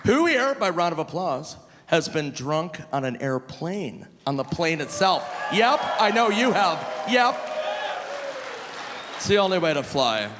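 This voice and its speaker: A male stand-up comedian performing live on stage, animated and shouting his punchlines high. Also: slight background noise. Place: large live comedy venue. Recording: live hall with long reverb, faint crowd ambience.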